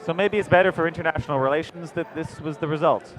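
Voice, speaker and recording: A man's voice: fairly high pitch, quick pace, faint music behind. A man giving live color commentary with dry, wry humor.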